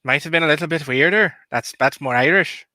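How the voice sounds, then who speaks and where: Playful man co-hosting a stream, bright forceful voice, a bit high, dry close sound. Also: a little fast, dry recording. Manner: playful, puts on silly accents. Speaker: podcast co-host. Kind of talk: casual chat.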